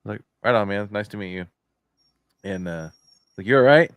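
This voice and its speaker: Male podcast co-host, low voice, casual rambling storyteller, dry studio sound. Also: fairly even intonation, normal speed, clean tone, no echo. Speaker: factory worker. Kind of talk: casual chat.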